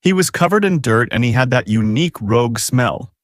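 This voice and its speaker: A man narrating a first-person novel in an expressive, somber way. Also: medium pitch, brisk, no echo, clean studio sound. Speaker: audiobook reader.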